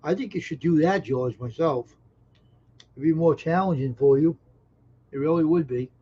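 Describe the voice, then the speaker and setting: A man from the American South hosts a home live stream, reading viewer comments and joking with them in a folksy manner. His slightly rough, warm voice is a little high and moderately paced, and the stream sounds dull and lo-fi.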